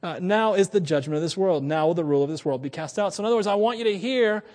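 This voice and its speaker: A male pastor preaching a sermon, swinging between quiet asides and loud, emphatic passages. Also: high voice, quick pace, in a large hall.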